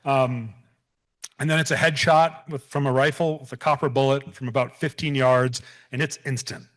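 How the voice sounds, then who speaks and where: A man's voice: medium pitch, steady tone, normal speed. A man in his thirties, a bison rancher giving a public talk, earnest and prone to restarts and repeated words. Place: event hall.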